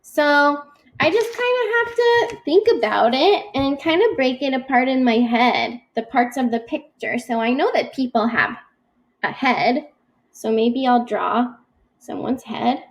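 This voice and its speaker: A woman teaching young children to write, speaking patiently and encouragingly, stretching words out slowly as she sounds them out. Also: sits high, animated. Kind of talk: slow, gentle classroom instruction for young children.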